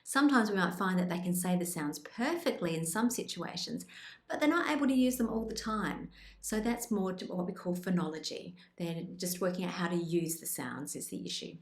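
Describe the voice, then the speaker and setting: A woman speech pathologist presenting tips in an instructional video, with a calm, clear explanatory delivery. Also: on the low side, a little fast, roomy sound. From Australia.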